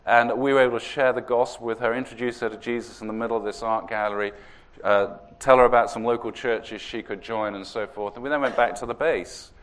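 A man preaching a sermon, telling a story in an earnest way and slowing down to stress key words. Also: mid-range voice, fairly even intonation, a bit bright.

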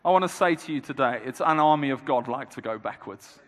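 A man preaching a rousing sermon, speaking in a declamatory way that builds to loud exhortation. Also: medium pitch, animated, brisk. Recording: long hall reverb.

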